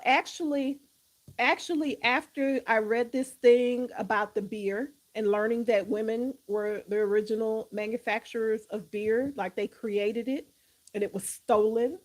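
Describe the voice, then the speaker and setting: A woman's voice: a little high, low-quality recording. A woman hosting a live stream, chatting casually and animatedly, often breaking into laughter.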